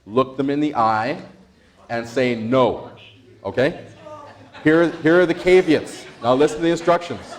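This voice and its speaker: Lively man leading a workshop. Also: mid-range voice, a little slow, pauses often. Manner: energetic, quizzes the audience, laughs often. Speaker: workshop presenter. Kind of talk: interactive stress-management workshop.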